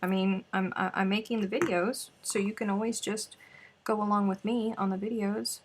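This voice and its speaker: There's a noisy background behind this crochet live stream host, whose mid-range voice keeps a fairly even intonation at a moderate pace. Chatty and a little scatterbrained, she talks to herself while hunting down her notes.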